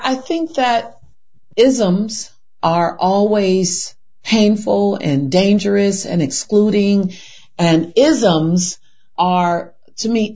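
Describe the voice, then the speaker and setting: A woman's voice: medium pitch, a little mellow. A woman gives an impassioned interview answer in an earnest voice. She asks rhetorical questions and repeats and restarts words as she builds her point. The recording sounds dull and lo-fi. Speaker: interview guest.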